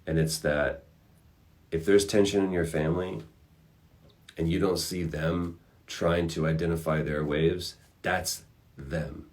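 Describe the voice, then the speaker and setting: A man hosting a casual livestream, answering fan questions with reflective advice and animated storytelling. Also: sits low, takes it slowly, long pauses. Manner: animated storyteller acting out characters.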